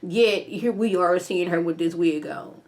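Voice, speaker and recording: A woman's voice: fairly low pitch, unhurried, a little mellow. A young woman casually recapping and reviewing a TV episode in an opinionated, slangy way. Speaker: TV show reviewer.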